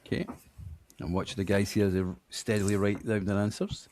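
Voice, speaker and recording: A man from Scotland with a Scottish accent and a voice on the low side, darkish in tone and flat in delivery, hosts a podcast quiz. He's chatty and self-deprecating, slowly reading out names.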